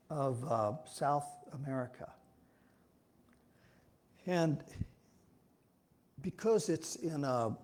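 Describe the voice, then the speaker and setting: Speaking at a church, a man with a medium-pitched, darkish voice gives an informal, folksy sermon. He rambles and restarts often.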